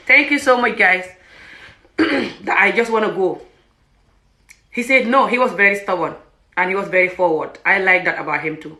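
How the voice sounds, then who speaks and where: A woman vlogger telling a personal story in a casual, animated way, often breaking into laughter. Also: mid-range voice, normal speed, pauses often, roomy sound.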